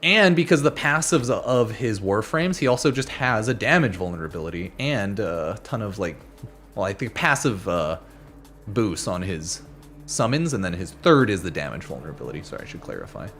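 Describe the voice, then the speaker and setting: A man's voice: on the low side, big pitch swings, moderate pace, fairly bright tone, faint music behind. A man streaming from home in casual, rambling chat who swears now and then. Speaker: game streamer.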